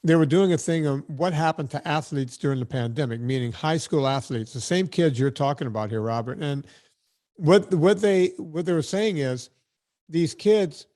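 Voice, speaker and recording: A man hosting a podcast interview, talking in an animated, emphatic way and often repeating words as he gets going. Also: fairly high pitch, normal speed. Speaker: podcast host. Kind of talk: casual conversational interview.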